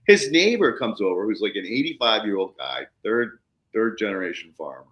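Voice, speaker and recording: Lively low-voiced man, roomy sound. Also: a little fast. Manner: animated, swings sharply higher when acting out excitement, swears casually. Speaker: podcast host. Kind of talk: casual storytelling conversation. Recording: roomy echo.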